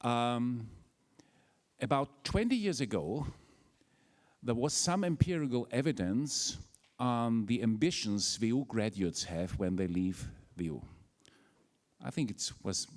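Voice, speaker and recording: A man's voice: medium pitch, expressive, takes it slowly, a little mellow. An older man with an Austrian German accent gives a formal welcome speech as a university rector, hesitant and full of fillers. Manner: hesitant, with many fillers and restarts.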